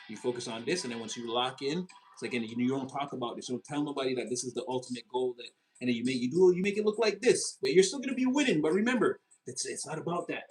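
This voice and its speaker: A man giving a casual tarot reading, excitable and rambling, with many restarts and fillers. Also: mid-range voice, poor audio. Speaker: tarot reader.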